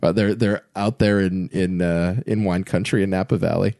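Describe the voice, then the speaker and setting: A man co-hosting a casual movie podcast, animated and swearing freely as he reads out film details and jokes. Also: low-pitched, normal speed, gravelly. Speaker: podcast co-host.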